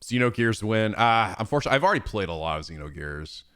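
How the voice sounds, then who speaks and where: A man's voice: fairly low pitch, fast talker, clear, resonant tone. A man chatting casually on a livestream, reading viewer messages and answering with laughter and frequent swearing. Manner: profane, laughing, animated. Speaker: streamer.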